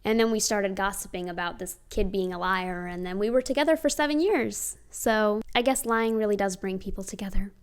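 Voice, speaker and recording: A woman's voice: medium pitch, brisk, few pauses, clear, resonant tone. A young adult woman telling personal stories to camera in a casual, chatty way, with emphatic, sardonic asides. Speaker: vlogger.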